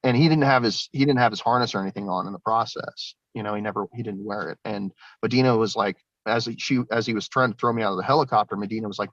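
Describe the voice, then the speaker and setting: A man's voice: fairly low pitch, fast talker, a bit bright, no room sound. Man, rambling, swears a lot, dry sound, dull lo-fi audio. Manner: rambling, swears often, laughs between lines. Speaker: guest. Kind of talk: casual spoken testimony.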